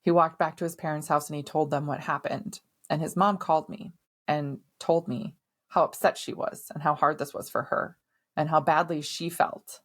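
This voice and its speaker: Woman, middle-aged, podcast host, candid personal storytelling, emphatic, somewhat low voice. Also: fairly even intonation, moderate pace. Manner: candid, emphatic, swears now and then.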